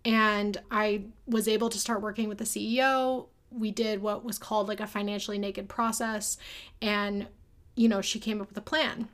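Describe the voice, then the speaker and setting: A woman's voice: medium pitch, little pitch movement, moderate pace, fairly bright tone. A young woman talking casually and candidly about her own experience, at times emotional. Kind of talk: personal storytelling monologue.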